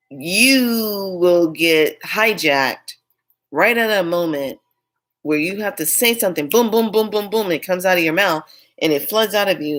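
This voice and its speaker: A woman telling a personal story in a candid, rambling, emphatic way. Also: low-pitched. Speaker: spiritual vlogger.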